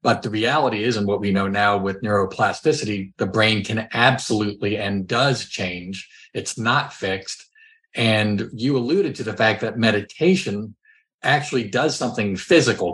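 Male podcast host, lower voice, conversational and reflective. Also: fairly bright tone. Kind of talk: podcast interview.

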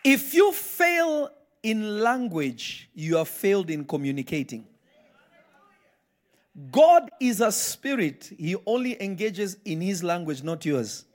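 A man's voice: high voice, big pitch swings, slow. A man preaching a live sermon in church, emphatic and firing repeated questions at the congregation. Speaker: pastor.

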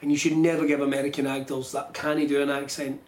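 A Scottish man chats casually on a podcast, cracking jokes and swearing freely. His voice sits a little high. The room adds a noticeable echo. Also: little pitch movement, fast, a little mellow. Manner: swearing, jokey, puts on voices. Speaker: podcast co-host. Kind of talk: casual chat.

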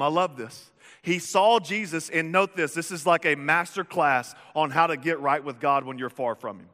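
A man preaching a sermon, animated and jokey. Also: on the high side. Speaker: pastor. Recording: echoey hall reverb.

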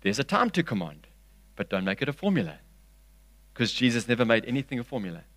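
A man preaching a sermon, reading scripture aloud with expression and swinging from loud, emphatic lines to hushed ones. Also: mid-range voice, sing-song, fast, no room sound.

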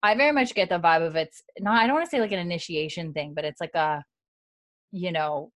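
A woman's voice: fairly low pitch, fairly quick, a bit bright, no room sound. A young woman co-hosting a podcast, animatedly retelling a TV episode and acting out the characters' lines, with lots of "like" fillers. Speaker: podcast co-host recapping a TV episode. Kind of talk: casual chat.

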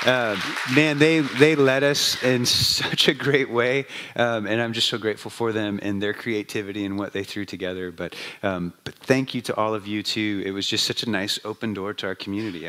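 A pastor with a hoarse, lowered voice, giving a conversational sermon with many fillers. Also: male voice, a bit bright. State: voice lower than usual, hoarse.

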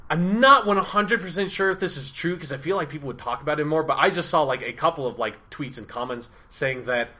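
A man's voice: a little high, brisk, few pauses, sharp tone. A young man co-hosting a podcast, rambling and swearing as he gets heated in casual chat. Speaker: podcast co-host.

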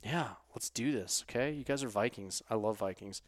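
A man hosting a podcast in casual, profane chat, swinging from muttered asides to loud outbursts. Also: fairly low pitch, moderate pace, no room sound, studio quality. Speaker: podcast host.

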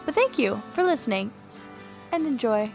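A woman's voice: a little high, big pitch swings, moderate pace, gravelly, soft background music. A woman podcast host in a put-on British accent, giving a rambling, self-mocking intro monologue.

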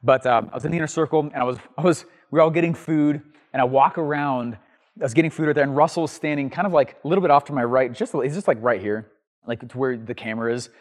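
A man hosting a show and teaching entrepreneurs, telling an energetic, rambling story to the camera with plenty of ums and restarts. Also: mid-range voice, fast talker, in a large hall. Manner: writes on a board while talking.

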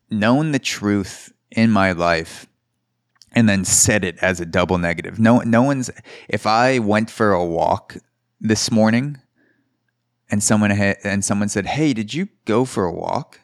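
A man's voice: on the low side, takes it slowly, long pauses, no room sound, clean studio sound. A man hosting a solo podcast, giving rambling, sarcastic comedic commentary full of mock quotes. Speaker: podcast host.

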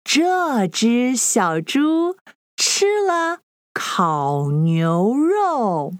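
A woman teaching a children's language lesson, repeating each phrase slowly and clearly in a sing-song way. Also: a little high, very animated, no echo, clean studio sound.

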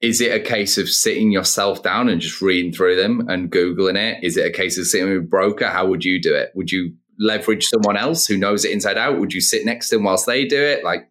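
Low-pitched male interviewer, probing, asks questions back to back. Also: fairly quick, hardly any pauses, a bit bright. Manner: probing, strings several questions together. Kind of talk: asking questions in a podcast.

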